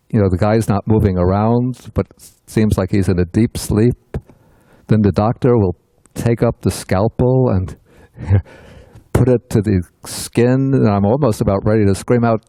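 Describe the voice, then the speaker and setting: An older man teaching a Buddhist text in a relaxed, storytelling way, often laughing as he talks. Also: lowish voice, no echo, low-quality recording. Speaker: teacher leading a sutta study class. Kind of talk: casual teaching talk.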